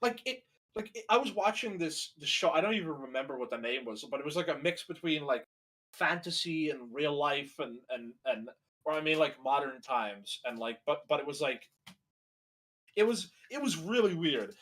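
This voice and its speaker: A young man co-hosts a video reaction, his voice a little high, animated and fairly bright at a normal speed. His casual commentary rambles, swears freely and is packed with filler words.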